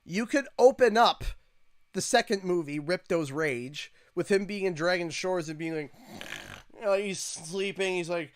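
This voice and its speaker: A Canadian man casually chatting on a game livestream, rambling through an animated story with lots of restarts. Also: high voice, measured pace, dry recording. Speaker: streamer.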